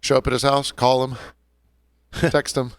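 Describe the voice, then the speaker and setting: A man co-hosting a podcast in relaxed, laid-back banter. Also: mid-range voice, fairly quick, no room sound, studio quality. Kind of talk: casual chat.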